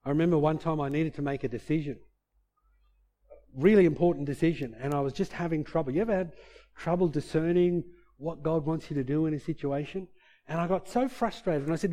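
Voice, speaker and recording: A male preacher delivering a sermon with a mellow, warm tone and a slightly raised pitch. He shifts between loud, emphatic passages and quiet, low asides. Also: brisk.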